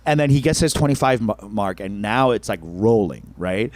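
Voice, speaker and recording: Animated man telling a comedy story. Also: fairly low pitch, moderate pace. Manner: animated, laughs often, swears freely. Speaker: podcast co-host, stand-up comedian.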